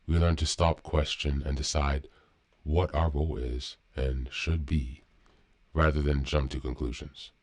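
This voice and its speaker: A man hosting a daily recovery podcast, reading a meditation aloud and reflecting on it at a calm, measured pace. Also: very deep voice. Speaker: podcast host.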